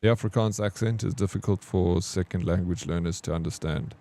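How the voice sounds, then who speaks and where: A man with a relaxed South African accent chats loosely on a live game stream. His voice sits low and warm. He rambles and restarts his sentences often. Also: brisk. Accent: English South African. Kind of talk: casual gaming stream chat.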